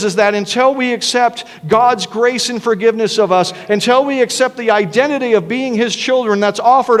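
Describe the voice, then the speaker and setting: A man's voice: high-pitched, big-room sound. A man preaching a sermon as pastor, earnest and conversational, often restarting his words. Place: church sanctuary.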